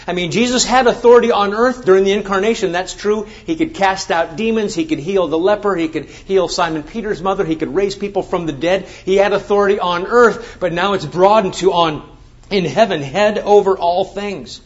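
A man's voice: sits high, a little fast. Emphatic male preacher, lo-fi sound. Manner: emphatic, rising to forceful exclamations. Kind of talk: sermon with scripture reading. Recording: dull lo-fi sound.

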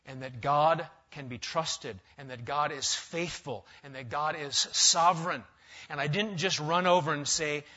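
Male pastor, slightly higher voice, emphatic sermon delivery, muffled recording. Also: a little slow. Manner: emphatic, rising to loud stresses then dropping quiet. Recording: dull lo-fi sound.

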